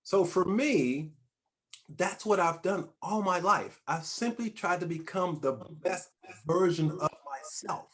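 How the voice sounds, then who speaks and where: A man hosts an interview in a lively, emphatic way, often restarting his phrases. His voice sits a little high for a man, and his pitch swings widely as he makes his points. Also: slow. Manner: emphatic and animated, with repeated restarts. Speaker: talk show host. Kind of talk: conversational interview.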